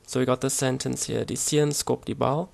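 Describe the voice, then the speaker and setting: A man explaining grammar over his slides in a relaxed, hesitant way, with many fillers and restarts. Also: mid-range voice, normal speed, gravelly. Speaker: language teacher. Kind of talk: casual slide-based language lesson.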